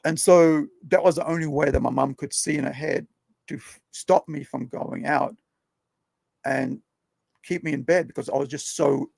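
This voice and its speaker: A man's voice: on the high side, steady tone, moderate pace, gravelly, darkish tone, husky, no echo. A young man hosting a podcast, telling stories in a rambling, conversational way and often tagging his sentences with questions. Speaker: podcast host. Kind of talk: casual storytelling chat.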